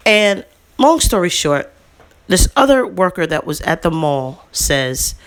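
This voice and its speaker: A woman in her thirties or forties, a vlogger telling a personal story in a heated, casual monologue. She is indignant and animated, with fillers and slang. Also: takes it slowly. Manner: indignant, animated, swings up in pitch for emphasis.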